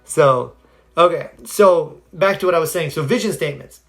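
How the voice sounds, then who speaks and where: A man's voice: fairly high pitch, normal speed. A man talking casually on a live stream, telling stories earnestly and giving motivational advice, stopping now and then to answer viewers. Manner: earnest, animated storyteller; answers viewer comments directly.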